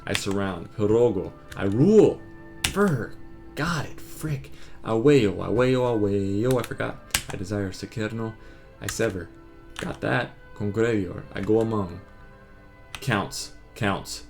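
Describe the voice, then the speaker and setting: A man quizzing himself on word cards, muttering terse answers and quick verdicts of right or wrong. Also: lowish voice. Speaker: vlogger drilling vocabulary.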